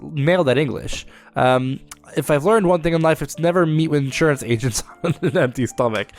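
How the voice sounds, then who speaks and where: A man's voice: on the high side, very animated, a little fast, soft background music. A young man with a congested, sore-throated voice, chatting casually as he hosts a let's-play of a game. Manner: rambling, chatty, many filler words. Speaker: gaming channel host.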